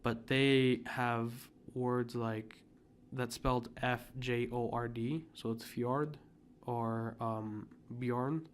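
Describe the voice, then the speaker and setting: A man's voice: medium pitch, level tone, takes it slowly, hardly any pauses, slight background noise. A young man hosting a podcast, chatting casually and rambling with many fillers. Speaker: podcast host. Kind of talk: casual chat.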